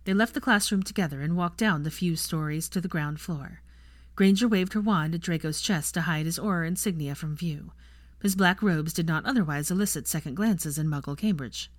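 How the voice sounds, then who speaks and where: A woman narrating a fan fiction story softly, reading to listeners. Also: on the low side, a little fast, no echo, studio quality. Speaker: audiobook reader.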